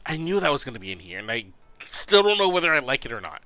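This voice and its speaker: A man streaming a video game, reacting with excitable, emotional commentary and swearing. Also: mid-range voice, fast talker, clean tone. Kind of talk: let's play commentary.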